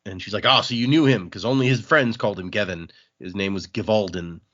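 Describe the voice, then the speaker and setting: A man's voice: lowish voice, fairly quick, fairly bright tone. A man co-hosting a casual podcast, recapping a graphic novel and acting out characters' lines as he goes. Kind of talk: casual chat. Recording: dull lo-fi podcast audio.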